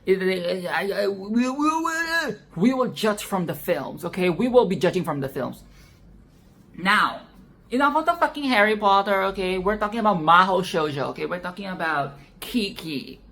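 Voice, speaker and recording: A sassy, foul-mouthed film commentator talking off the cuff. The speech rambles and restarts, with frequent laughs, and keeps tagging lines with "okay?". The pitch sits in a middle range. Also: expressive, moderate pace, fairly bright tone, a little hiss or hum. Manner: sassy, profane, tags "okay?" onto lines. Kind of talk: casual film commentary monologue.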